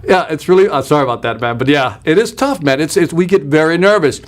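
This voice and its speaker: A man's voice: on the high side, fast talker. A man hosting a live sales webinar, talking energetically and emphatically and reading out viewer comments as he goes. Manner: energetic and emphatic, with punchy repetition. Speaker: sales trainer hosting a live online workshop.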